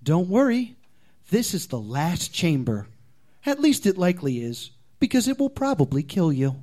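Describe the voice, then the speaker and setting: A mocking robot announcer delivers dry threats in a flat tone, as a man reading a comic story puts it on. The voice swings quite widely in pitch and sits high. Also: moderate pace, exaggerated voice. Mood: taunting. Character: taunting test-facility robot voice.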